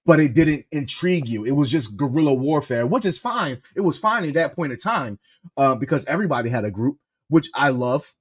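A man co-hosting a wrestling review podcast, chatting in an animated way and laughing often. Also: medium pitch, fairly quick, slightly rough. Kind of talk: casual podcast chat.

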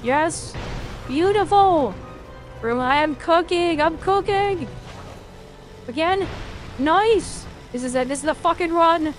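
High-voiced excitable woman gaming streamer. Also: slow, pauses often, soft background music. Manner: excitable, swears a lot, reacts loudly to the game. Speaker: streamer playing a video game. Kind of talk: live gameplay commentary.

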